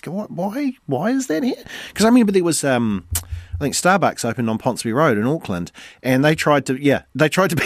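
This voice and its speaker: A man hosting morning radio. He keeps a light, joking tone and reads the figures briskly. The studio sound is close and dry. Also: mid-range voice, no echo. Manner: jokey, chatty, reads figures aloud. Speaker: radio news host. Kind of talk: casual morning radio banter.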